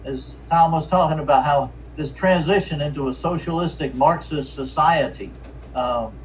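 A man, a pastor from Richmond preaching an earnest sermon with halting restarts and fillers. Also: a little high. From Richmond, Virginia. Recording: distant, dull lo-fi mic with faint noise.

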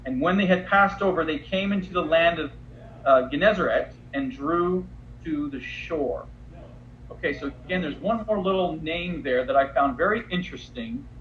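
A man's voice: a little high, moderate pace. A man leading a Bible study, reading scripture aloud and then explaining it in a conversational way. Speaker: Bible teacher. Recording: roomy, slightly dull recording with faint background noise.

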